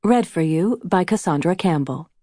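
A woman reading a children's storybook aloud as audiobook narrator, gentle and measured, close to the microphone. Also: fairly low pitch, expressive, no echo.

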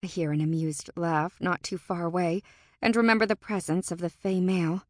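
Expressive woman reading a fantasy audiobook. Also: on the low side, normal speed, dry recording, studio quality. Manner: expressive, tense and dramatic. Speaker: audiobook narrator. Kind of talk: first-person fantasy audiobook narration.

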